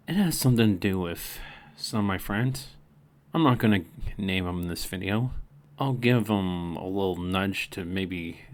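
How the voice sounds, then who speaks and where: A man venting to the camera late at night, bitter and profane, often muttering his threats. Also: low-pitched. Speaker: channel host. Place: indoors at home late at night.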